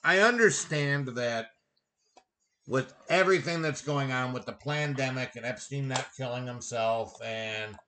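A man's voice: medium pitch, measured pace, bright, forceful tone, a little hiss or hum. Crude, joking middle-aged man hosting. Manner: crude, joking, reads out news headlines. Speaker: podcast host. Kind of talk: casual chat.

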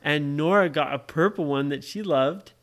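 A parent telling a made-up story to a child, pausing to ask the child questions. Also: medium pitch. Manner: slow, asks the listening child questions. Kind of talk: bedtime story told to a child.

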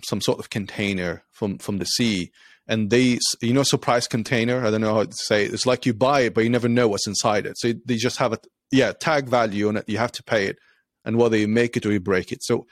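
Man telling a story with halting restarts. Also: lowish voice, dry recording. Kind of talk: casual conversation.

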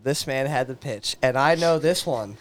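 A man's voice: mid-range voice, normal speed. Profane young man telling a story. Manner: profane, laughing, acts out quoted voices. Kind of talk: casual storytelling chat.

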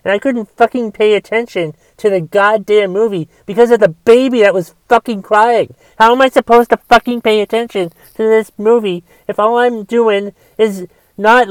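A man's voice: high voice, steady tone, moderate pace, hardly any pauses, clean tone, dry recording. A man delivering a solo rant, exasperated and swearing often as he talks. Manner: profane, exasperated ranting with restarts.

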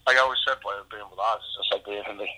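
Bright-voiced man telling rambling stories. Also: lowish voice, fairly even intonation, rapid-fire, low-quality recording. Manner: rambling, profane, laughing anecdotes with many fillers. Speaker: guest musician. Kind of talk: casual storytelling interview.

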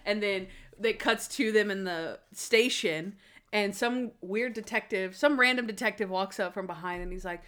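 A woman co-hosting a casual podcast chat, retelling scenes in an animated way, acting out quotes and laughing often. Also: medium pitch, moderate pace. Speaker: podcast co-host. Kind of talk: casual chat recapping a TV episode.

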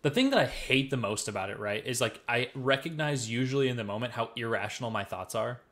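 A young man from the American Midwest co-hosting a podcast, telling stories in casual, profane, animated chat. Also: medium pitch, fairly quick. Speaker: podcast co-host.

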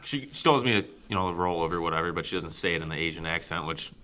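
Deep-voiced man telling a crude story. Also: fast talker, a crowd in the background. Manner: profane, laughing, animated storyteller. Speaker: podcast co-host.

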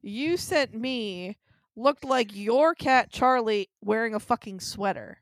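A woman's voice: fairly high pitch, lively intonation, takes it slowly, no echo. A woman in casual chat, bluntly asking incredulous, profane questions. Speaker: co-host, prospective roommate.

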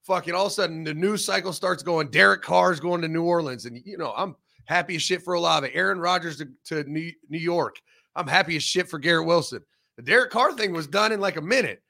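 A man co-hosting a casual sports talk show, blunt and profane, giving animated opinions. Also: fairly high pitch, fairly quick, gravelly.

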